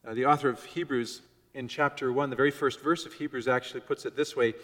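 A man preaching a sermon to his congregation, measured and shifting between soft, gentle phrases and loud emphasis. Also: medium pitch, fairly even intonation, long reverb tail. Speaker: pastor. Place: church before a congregation.

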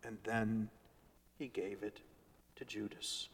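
A male pastor preaching a sermon in a church, moving from loud, emphatic lines to soft, hushed phrases. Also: lowish voice, little pitch movement, slow, slightly rough. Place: church sanctuary. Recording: long church reverb.

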